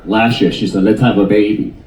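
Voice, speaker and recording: A man's voice: lowish voice, a little fast, far from the mic. Stand-up comic, man, 50s, teasing crowd work, roomy off-mic sound. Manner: animated, jokey, teasing the audience. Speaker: stand-up comedian. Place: cruise ship theater.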